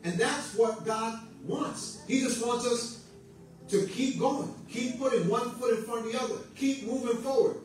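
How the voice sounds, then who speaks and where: A man's voice: very high-pitched, measured pace, a little mellow, soft background music. A man preaching a sermon in a church, urging his listeners on with repeated phrases and call-and-response amens. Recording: very echoey room, mic at a distance.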